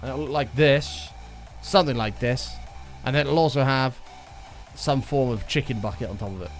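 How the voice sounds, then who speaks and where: A man's voice: mid-range voice, normal speed, faint music behind. A man chatting casually on a gaming livestream, joking around and answering chat messages aloud. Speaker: streamer.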